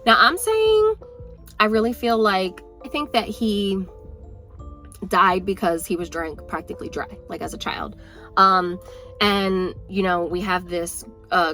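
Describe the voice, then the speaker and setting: A young woman talks casually to the camera as a book vlogger, her voice at a middle pitch. She rambles along with lots of filler words. Faint music plays underneath. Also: sharp tone. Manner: chatty, rambling, many "like" fillers. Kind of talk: casual chat.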